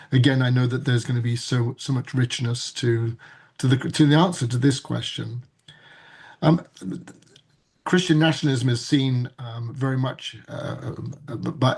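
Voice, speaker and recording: A man introducing a guest speaker on a webinar panel, talking haltingly with many fillers and restarts. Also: medium pitch, creaky, a little mellow, breathy edge. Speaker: panel moderator, reverend.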